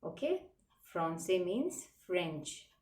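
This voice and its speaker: A teacher slowly and patiently walks children through a classroom lesson explaining French words, spelling them out letter by letter. Her middle-pitched voice has big pitch swings and a darkish tone. She sits away from the microphone in a roomy, echoing space.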